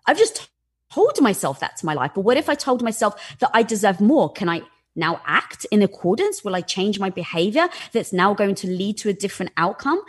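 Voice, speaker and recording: A woman's voice: mid-range voice, normal speed, slightly rough. A woman guest talking candidly and animatedly in conversation, with a lot of "like" fillers. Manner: animated, lively, with frequent "like" fillers.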